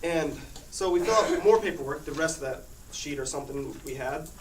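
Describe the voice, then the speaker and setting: Here a teenage boy with a fairly high-pitched male voice speaks at a fairly quick clip, wandering through a personal anecdote for the class and laughing often. Expect echo, noise, and a far-off microphone.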